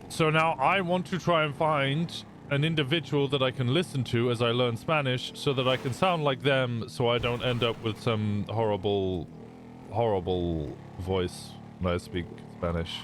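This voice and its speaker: A man's voice: medium pitch, fairly even intonation, normal speed. A young man streaming and chatting loosely with his audience, swearing often and stumbling over restarts. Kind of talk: casual chat to a live stream chat. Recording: noisy background.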